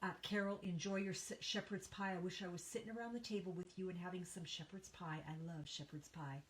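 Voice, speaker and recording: Reading viewer names and chatting casually, a Canadian woman hosts a live papercraft session from her home studio, coughing from a tickle in her throat. Her voice is on the low side, fairly even, and a little fast, captured in a low-quality recording with slight background noise.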